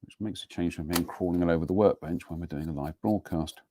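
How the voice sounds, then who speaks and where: A man's voice: low voice, fast talker, dark tone, a little hiss or hum. A middle-aged man hosting a live model-building broadcast from his home workbench, chatting in a rambling, self-deprecating way. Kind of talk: casual live demonstration and chat.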